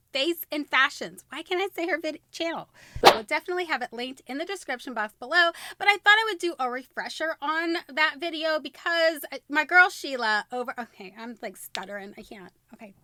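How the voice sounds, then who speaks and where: A woman vlogging on camera, chirpy on her intros and muttering softly to herself between retakes. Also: high-pitched, slight background noise. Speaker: beauty and fashion vlogger. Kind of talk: casual on-camera vlog with retakes.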